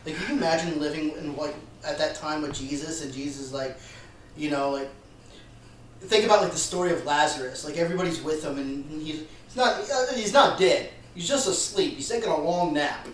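A man hosting a podcast, joining in playfully with quips and thoughtful asides. His voice is somewhat high and sits well back from the microphone. A very echoey room carries it, with faint ambience behind. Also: a little fast, slight background noise. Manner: playful, chiming in with quips and reflections. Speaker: podcast host. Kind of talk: casual conversation. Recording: roomy, distant mic with faint ambience.

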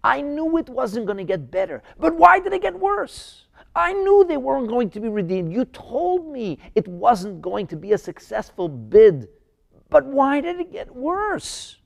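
A man playing an anguished prophet crying out to heaven in exasperated bursts. His voice is high and swings wildly, with a gravelly edge. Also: very animated, normal speed, darkish tone, full character voice. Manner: pleading, exasperated outbursts. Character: anguished male prophet pleading with God.

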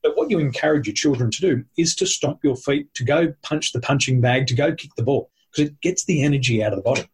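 Man, very husky voice, emphatic teacherly talk, lists his points, medium pitch. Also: quick pace. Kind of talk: conversational explaining.

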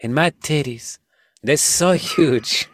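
A man voicing a parody of a sultry actress in a fake Italian accent, slow and exaggerated. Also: fairly high pitch, a bit bright, no room sound. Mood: mocking.

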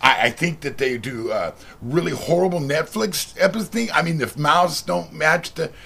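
An older man's voice comes across as gravelly and husky, with a bright, edgy tone. He rambles and halts, trading jokes as a passer-by on the street. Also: on the high side. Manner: rambling, halting, jokey. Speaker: passer-by interviewee. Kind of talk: casual street interview. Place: outdoors on a street.

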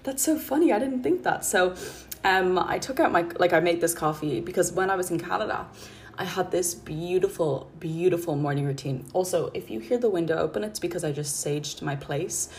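A woman hosting her podcast, talking in a calm, chatty, rambling way into her phone at home. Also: on the low side, moderate pace, slight background noise. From Ireland. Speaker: podcast host and mindset coach. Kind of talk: casual spoken podcast chat. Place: her apartment.

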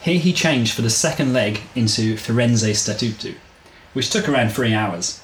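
A man reads his own story aloud in a steady, measured way, stopping now and then to joke with co-hosts. His voice is mid-pitched and carries a roomy echo, with faint noise underneath. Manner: steady storybook reading, joking between passages. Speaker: podcast host reading his story aloud. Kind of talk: reading a story with banter.

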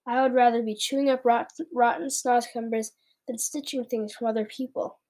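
A very old, gentle giant from a children's storybook, voiced by a woman reading aloud, spinning out his lines in a playful, unhurried way. The voice sits a little high and stays close to the reader's own. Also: steady tone, lightly acted. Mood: proud. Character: very old kindly male giant.

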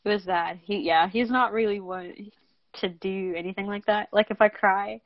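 A woman's voice: mid-range voice, steady tone, normal speed, no room sound. A young woman co-hosting a podcast in casual chat, candid and self-mocking, often laughing. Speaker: podcast co-host. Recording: dry, dull lo-fi sound.

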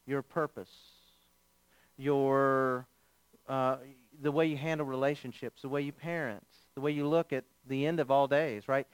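A male pastor preaching a sermon, telling a funny story in an animated, joking way. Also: mid-range voice, smooth, no room sound.

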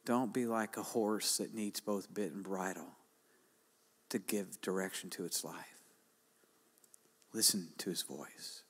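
A man's voice: sits low, fairly even intonation, unhurried, long pauses, slightly rough. Older male preacher with hall reverb. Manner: preaches with repeated exhortations, rising loud and emphatic. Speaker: pastor. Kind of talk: sermon.

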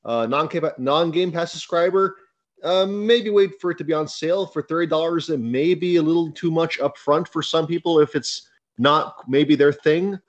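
A man speaking casually as a guest on a gaming podcast, measured with fillers and hesitations. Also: on the high side, lo-fi sound. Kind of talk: casual chat.

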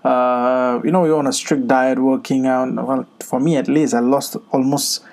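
A man's voice: mid-range voice, fairly even intonation, normal speed, creaky, darkish tone. A man co-hosting a podcast in casual chat, speaking earnestly with many fillers and restarts. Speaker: podcast co-host.

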